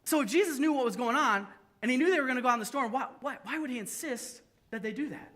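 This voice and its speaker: A young adult man preaching a sermon at a church service, telling stories lively with self-deprecating humor. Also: extremely high pitch, quick pace. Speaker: pastor.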